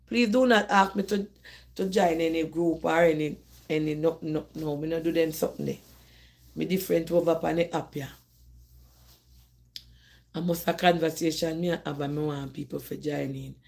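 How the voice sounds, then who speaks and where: A middle-aged Jamaican woman with a Jamaican accent hosts a live call-in discussion streamed from her phone. Her voice is lowish, creaky, and darkish in tone, and she talks animatedly straight to her viewers in a casual way, frequently repeating herself and restarting.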